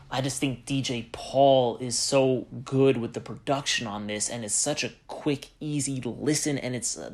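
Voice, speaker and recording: A man talks straight to his viewers about an album, thinking aloud as he goes. He rambles, circles back, and fills gaps with loose fillers in a mid-pitched voice. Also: a bit bright. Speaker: music reviewer vlogger. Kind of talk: casual unscripted talk to camera.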